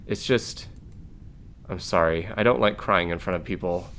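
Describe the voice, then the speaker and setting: Man voicing a grieving young woman officer, soft, earnest, deep gravelly voice. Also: normal speed, a little hiss or hum. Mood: sad.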